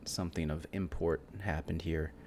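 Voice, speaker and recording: A man's voice: deep voice, steady tone, moderate pace, a little mellow. A man playing a tabletop game, speaking hesitantly and thoughtfully with many fillers. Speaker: player.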